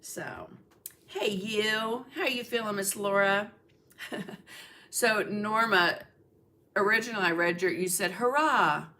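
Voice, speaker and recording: A woman's voice: mid-range voice, fairly even intonation, a little slow, long pauses, sharp tone. A middle-aged woman hosting a casual art livestream, chatting and greeting viewers by name with lots of fillers. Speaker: livestream host, art instructor.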